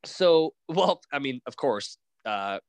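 A man's voice: mid-range voice, slow pace, dry recording. Guy telling a story on an interview, mid voice, dry sound, keeps restarting and acting out what people said. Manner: animated, quotes dialogue, frequent restarts. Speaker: interview guest. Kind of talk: casual storytelling.

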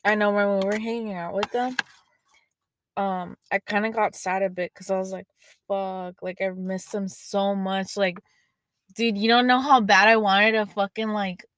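A young woman podcast host telling casual stories with lots of swearing, animated and chatty. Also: medium pitch, moderate pace, no echo. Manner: swears a lot, animated storytelling. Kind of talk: casual chat.

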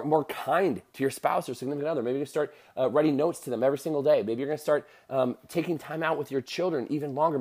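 Guy in his 30s talking quick and loose, lots of uh's, motivational podcast vibe. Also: mid-range voice, darkish tone. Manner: rambling, fast, with many fillers and restarts. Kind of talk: casual motivational monologue.

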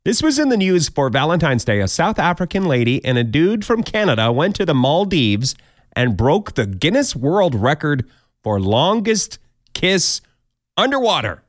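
A man's voice: on the high side, very animated, normal speed, dry recording, studio quality. A man hosting a podcast countdown of odd news stories, with jokey, wry asides. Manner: jokey, wry asides, mock quoted voices. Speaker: podcast host.

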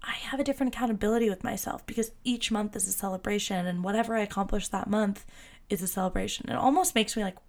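A young adult woman hosting a solo podcast, talking casually and chattily with lots of fillers and excited self-quotes. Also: medium pitch, quick pace, vocal fry. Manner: bubbly, chatty, many fillers, quoting herself in excited voices. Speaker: podcast host.

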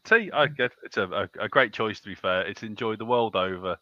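A man's voice: lowish voice, animated, brisk, bright, forceful tone, no echo, lo-fi sound. A man joking and giggling through casual podcast banter.

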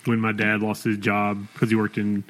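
A man's voice: fairly low pitch, monotone, normal speed, fairly bright tone, a little hiss or hum, low-quality recording. A man co-hosting a podcast, talking casually and reflectively, full of "like". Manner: earnest and reflective, with many "like" fillers. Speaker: podcast co-host. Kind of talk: casual chat.

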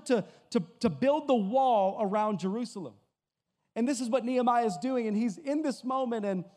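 A male pastor from Massachusetts preaching a sermon, telling a story with a joking, energetic delivery. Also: very high-pitched. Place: church hall before an audience. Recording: hall with long reverb.

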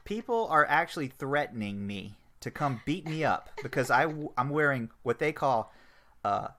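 A middle-aged man co-hosting a casual podcast, ranting in an animated, exasperated way with plenty of profanity. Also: medium pitch, normal speed, a little hiss or hum. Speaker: podcast co-host. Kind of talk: casual chat.

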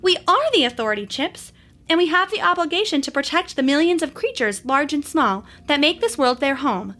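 A woman's voice: high voice, lively intonation, fairly quick, pushed and bright, voice pushed up. A woman doing a stubborn, worn space ranger. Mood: determined. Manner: determined, earnest.

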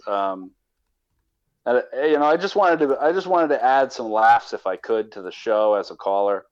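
A man's voice: mid-range voice, expressive, moderate pace, muffled recording. A man guest on a casual podcast, rambling and restarting his sentences. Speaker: caller and guest.

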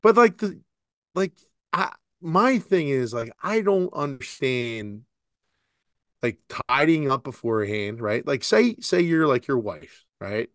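A man's voice: mid-range voice, big pitch swings, slow pace, no room sound, studio quality. Rambling, profane man in his forties. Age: 40s. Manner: rambling, laughing, profane storytelling. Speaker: podcast co-host. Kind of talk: casual chat.

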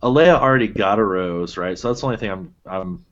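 A man's voice: on the low side, brisk, highs cut off, slight background noise. Profane, ranting young podcast guy. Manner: animated, profane ranting with mimicking quotes. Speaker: podcast co-host. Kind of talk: casual chat.

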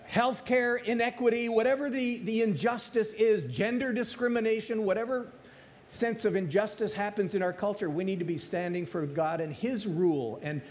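A pastor preaching a sermon, building emphasis through repeated phrases and slowing on key words. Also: male voice, high-pitched, a little mellow, a little hiss or hum. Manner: preaching with rising emphasis and repetition.

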